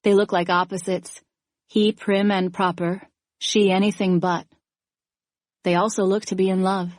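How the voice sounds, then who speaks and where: Her pitch is medium, and she narrates a first-person thriller audiobook evenly and with measure. The recording is dry and of studio quality.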